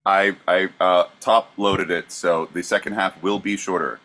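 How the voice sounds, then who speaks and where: Male podcast co-host, slightly low pitch, halting quiz-master delivery. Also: steady tone, fairly bright tone. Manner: hesitant, lots of uh fillers, plays straight man. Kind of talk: casual comedic banter.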